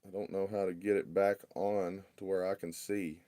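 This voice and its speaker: Man, very deep voice, muttering and fed up, casual workshop livestream on a phone. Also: flat delivery, normal speed, warm tone, no room sound. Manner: frustrated, muttering, drawling. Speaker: RC hobby livestream host.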